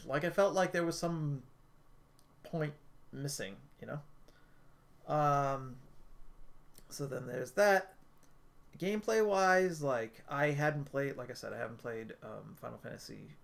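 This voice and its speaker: Man, fairly high voice, casual game review, rambling, filler-heavy. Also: vocal fry. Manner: rambling, with many filler words and restarts. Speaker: gaming video creator.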